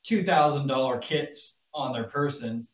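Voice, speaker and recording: A man speaking as a guest on a casual podcast, halting and hesitant with many fillers. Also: mid-range voice. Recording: roomy, distant, dull mic.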